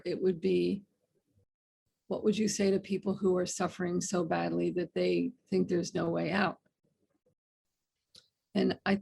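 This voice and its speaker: A woman's voice: medium pitch, vocal fry, darkish tone, slightly rough. A woman guest on a podcast interview, telling stories in an earnest way with frequent restarts. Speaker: guest author.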